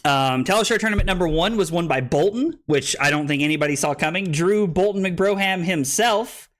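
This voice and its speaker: Young male streamer, slightly high voice, winded and pumped, chatty and rambling. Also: a little fast. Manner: excitable, rambling with many "like" fillers. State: out of breath. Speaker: streamer hosting an online card tournament. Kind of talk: casual live-stream chat.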